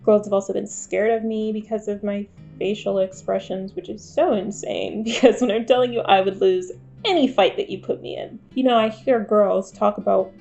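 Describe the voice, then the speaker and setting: Girl in her 20s vlogging, confessional and kinda wry about herself, soft guitar music behind. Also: mid-range voice, moderate pace, vocal fry, dull audio. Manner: confessional, self-deprecating, wry. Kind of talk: candid talking-to-camera vlog.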